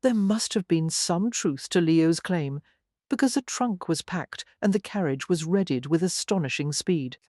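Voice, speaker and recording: Dry even romance audiobook narration. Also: mid-range voice, unhurried, dry recording. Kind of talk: scripted narration.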